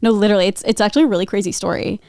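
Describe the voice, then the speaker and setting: A woman's voice: medium pitch, steady tone, rapid-fire, darkish tone, no echo, clean studio sound. A young woman co-hosting a podcast who chats casually, laughs often and says "like" a lot. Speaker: podcast co-host. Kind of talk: casual chat.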